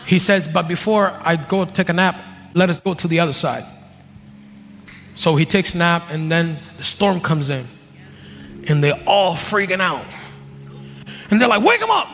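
A man in his thirties, a pastor, preaching a sermon with jokes, dropping to low asides and rising to shouted peaks. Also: a little slow, pauses often. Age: 30s. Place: church hall. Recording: long reverb of a large hall.

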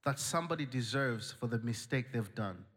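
A male pastor preaching a sermon, telling a story with humor and lively animation. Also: mid-range voice, moderate pace.

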